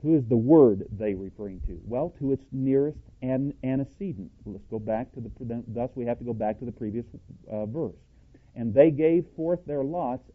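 A plain-spoken man teaching a scripture-based sermon, emphatic and quizzing his listeners with rhetorical questions. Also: mid-range voice. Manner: self-described cowboy, plain-spoken. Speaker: Bible teacher. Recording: tinny phone-like audio.

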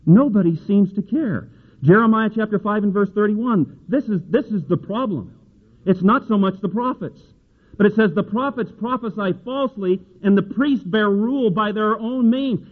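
A man preaching a sermon in a folksy, conversational way, reading scripture aloud and climbing to an emphatic pitch on key verses. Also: moderate pace. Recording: tinny phone-like sound.

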